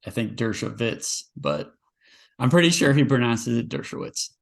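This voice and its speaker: Easygoing man with a gravelly voice. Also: mid-range voice, big pitch swings, moderate pace. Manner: easygoing, stammers and laughs often. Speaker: podcast co-host. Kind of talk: casual chat.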